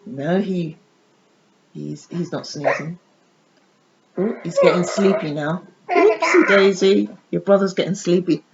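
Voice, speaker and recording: A woman vlogging a doll unboxing in a casual, chatty way, slipping into sing-song baby talk with her dolls. The audio is dull and lo-fi. A steady noise sits clearly behind her voice. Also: on the low side, a little slow, long pauses.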